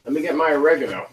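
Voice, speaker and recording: A man's voice: mid-range voice, background noise. A man rambling in a solo vlog, mumbling to himself in an affectionate, self-mocking way. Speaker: vlogger.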